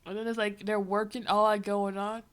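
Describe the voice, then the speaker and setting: A woman's voice: medium pitch, flat delivery, moderate pace, clear, resonant tone. A woman livestreaming as she reads a comic, giving a rambling, wry running commentary full of fillers. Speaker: livestreamer reading a comic aloud.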